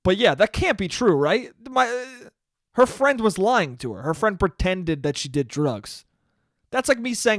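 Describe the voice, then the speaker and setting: The speaker is a young man with a high-pitched voice who talks unhurriedly on a dry, clean studio recording. Hosting a casual solo podcast from a small room on camera, he rants with animation, curses, and acts out conversations by mimicking others.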